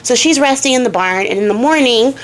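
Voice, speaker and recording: A woman's voice: on the high side, animated, fast, a little hiss or hum. A young woman telling a fairy tale in a casual, slangy way, with swearing and side comments. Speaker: storyteller and craft vlogger. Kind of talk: casual storytelling.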